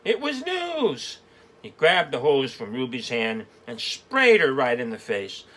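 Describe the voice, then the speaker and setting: A man's voice: mid-range voice, sing-song, a little slow, sharp tone. A man reading a children's storybook aloud as host, with chatty asides about the pictures.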